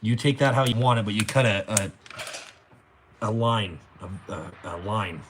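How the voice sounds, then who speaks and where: A man's voice: fairly low pitch, normal speed, noisy background. A man hosting a casual livestream, joking crudely, laughing often and reading viewer comments. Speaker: livestream host.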